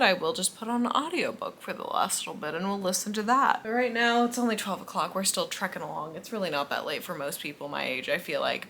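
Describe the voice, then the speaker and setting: A sleepy young woman talks at home late at night, yawning and teasing herself as she chats. Her voice is bright and clear. The home recording carries a faint hiss. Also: on the low side. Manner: chatty, self-mocking, yawning. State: sleepy, tired. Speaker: book vlogger. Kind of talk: casual late-night vlog chat. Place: at home indoors.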